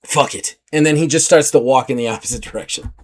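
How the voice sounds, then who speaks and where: A man narrating as game master of a tabletop role-playing game, animated and laughing, bursting into shouted character lines. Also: mid-range voice, a little fast.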